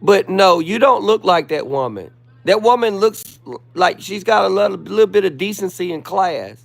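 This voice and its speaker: A man's voice: high-pitched, expressive, normal speed, creaky. A man hosting a live stream, sassily and theatrically roasting a commenter in mock-pleading asides. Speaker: livestreamer.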